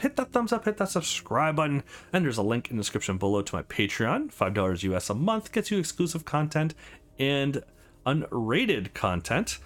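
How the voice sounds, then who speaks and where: A man hosting a let's play, casual and rambling with fillers as he plays. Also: medium pitch. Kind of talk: casual gameplay commentary.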